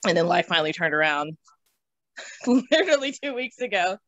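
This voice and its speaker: A young woman telling stories from her own life in an interview. She is animated, laughs often and swears casually. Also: lowish voice, moderate pace, no room sound. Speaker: interview guest. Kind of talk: casual storytelling. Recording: slightly dull, dry recording.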